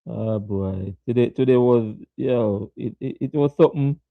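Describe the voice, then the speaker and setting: A man's voice: medium pitch, gravelly, dry recording. A man with a Jamaican accent hosting a casual live cricket chat, laughing often and greeting viewers by name. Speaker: host. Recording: dull lo-fi dry sound.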